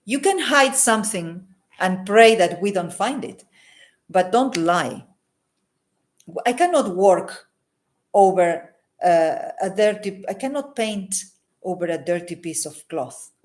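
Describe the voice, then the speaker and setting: A woman's voice: mid-range voice, lively intonation, takes it slowly. A woman healer giving an earnest, unscripted talk to camera, repeating phrases for emphasis and adding a questioning "hmm?" after her points. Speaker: holistic healer and psychic. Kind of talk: unscripted advice monologue to camera.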